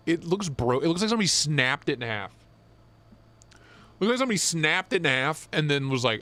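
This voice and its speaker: A young man co-hosting a live stream, chatting casually and swearing as he jokes and gets excited. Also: a little high, moderate pace, long pauses. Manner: excited, profane, joking. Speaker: knife show co-host.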